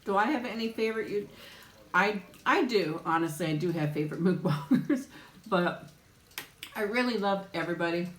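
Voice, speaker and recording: A woman's voice: mid-range voice, expressive, moderate pace, roomy sound. A woman hosting a casual mukbang live chat, greeting viewers by name with ums and little laughs. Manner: chatty, warm greetings, frequent laughs and ums. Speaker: mukbang livestream host.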